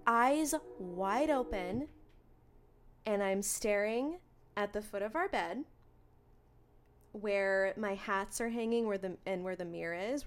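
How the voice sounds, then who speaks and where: A young woman co-hosting a podcast, chatting casually and telling a story with animated energy. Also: mid-range voice. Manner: animated storyteller, acts out her own screams. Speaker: podcast co-host. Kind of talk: casual chat.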